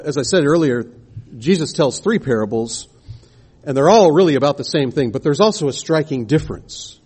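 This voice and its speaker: A man with a slightly raised, husky voice delivers a sermon. He works through a scripture passage verse by verse and keeps asking rhetorical questions. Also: a little high, dark tone. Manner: expository, asks the congregation rhetorical questions. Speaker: preacher.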